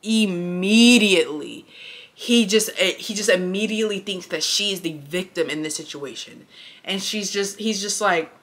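A woman's voice: medium pitch, moderate pace, a bit bright. A young woman telling a story to camera while getting ready, blunt, emphatic and full of swearing. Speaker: vlogger.

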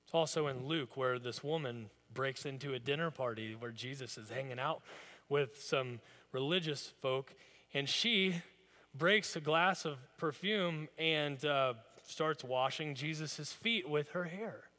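Bright-voiced male pastor preaching. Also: medium pitch, unhurried, long reverb tail. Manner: conversational, storytelling preaching. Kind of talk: sermon. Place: church sanctuary.

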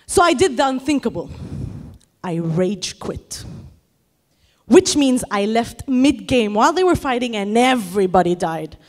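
A woman performing a stand-up comedy set on stage, telling an animated story and shouting the lines she acts out. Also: on the high side, unhurried. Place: comedy stage before a live audience.

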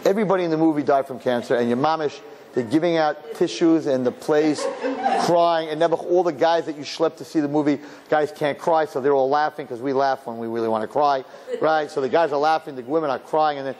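A male rabbi giving a lively, humorous sermon full of rhetorical questions and Hebrew and Yiddish terms. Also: fairly high pitch, fairly quick.

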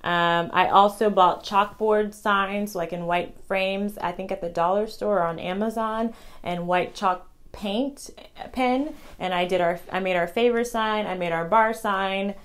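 A young woman vlogger chatting casually about her wedding, rambling and fast with many ums and restarts. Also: medium pitch. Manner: talks fast. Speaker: vlogger sharing wedding tips. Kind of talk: casual chat to camera.

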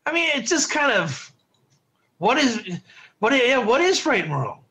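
In an informal Bible study lecture, this teacher's very high, sharp voice swings widely in pitch at a measured pace, with frequent pauses. He chats with the class, repeats himself, starts over, and asks his students questions.

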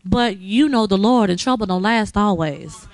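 A woman's voice: medium pitch, moderate pace, dry recording. A woman at a recovery center speaking in an emotional, encouraging way to a graduate as she gives her an award. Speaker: recovery center staff member giving award. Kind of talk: heartfelt address to a graduate.

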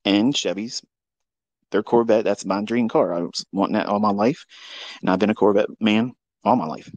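A man telling a story in a casual monologue, profane and mocking, with sudden loud outbursts. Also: on the low side, normal speed, no room sound, lo-fi sound. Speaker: trading educator on a live audio space.

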